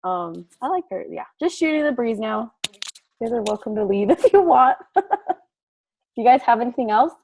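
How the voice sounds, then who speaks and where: Chatty woman hosting a video call, high voice. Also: animated, moderate pace, pauses often, a little mellow, a little hiss or hum. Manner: chatty, laughs often. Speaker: call host. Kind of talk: casual group video call chat.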